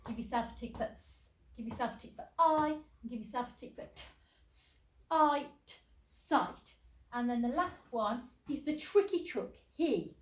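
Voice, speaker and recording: A woman's voice: fairly high pitch, lively intonation, measured pace. A woman teacher, giving a phonics lesson and sounding out letters in an encouraging way. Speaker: primary school teacher. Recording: echoey room, faint background noise.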